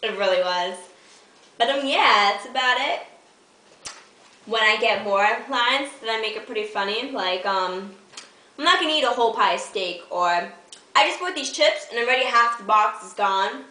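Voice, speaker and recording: A woman's voice: on the high side, lively intonation, moderate pace, sharp tone, far from the mic. Hyper, giggly New girl vlogging. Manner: hyper, giggly, self-mocking. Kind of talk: casual storytelling to camera. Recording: echoey room, voice off-mic.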